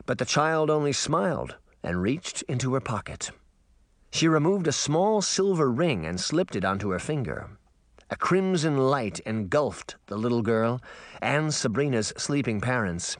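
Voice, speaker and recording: A man narrating a children's fantasy novel in an expressive, dramatic audiobook style. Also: mid-range voice, measured pace, no room sound, clean studio sound.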